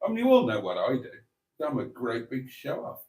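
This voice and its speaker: A man's voice: medium pitch, wildly swooping pitch, fairly quick, darkish tone, breathy edge. A man hosting a casual live stream, reading chat messages aloud and chatting in a self-deprecating way. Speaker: livestream host reading chat.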